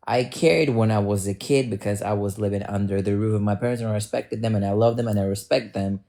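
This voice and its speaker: A woman's voice: extremely low pitch, fairly even intonation, fast talker, hardly any pauses, warm tone. A woman streamer chatting casually with her viewers, blunt, joking and swearing freely as she talks back to the chat. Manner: addresses chat directly. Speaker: livestreamer.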